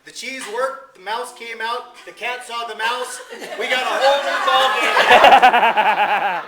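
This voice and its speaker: A man's voice: very high voice, unhurried, pitched above the performer's own voice. A man voicing a flustered rural Scandinavian woman who explains things emphatically and with exasperation. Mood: exasperated. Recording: roomy, distant home video with noise.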